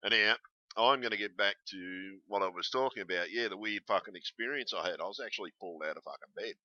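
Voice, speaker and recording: Swearing, blunt Australian man, low voice. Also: fast talker, sharp tone, no room sound, highs cut off. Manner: heavy swearing, blunt and rambling. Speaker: YouTuber. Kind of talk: casual rambling vlog.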